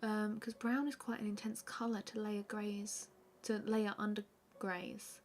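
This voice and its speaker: Woman, live-stream art host, relaxed rambling chat, mid-pitched voice. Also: a little slow, a little hiss or hum. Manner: relaxed and chatty, many fillers, answers viewer questions. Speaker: artist hosting a live stream. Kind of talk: casual chat while drawing.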